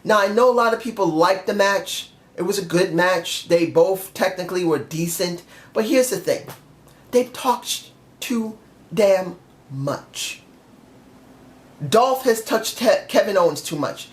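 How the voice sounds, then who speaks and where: A man's voice: sits high, echoey room. A man giving blunt, opinionated reviews in a casual vlog, often dismissive. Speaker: wrestling show reviewer.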